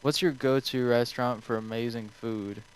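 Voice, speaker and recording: A man's voice: medium pitch, steady tone, moderate pace, clear, resonant tone, poor audio. A young man streaming, answering viewer questions in a rambling, offhand way full of swearing. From United States.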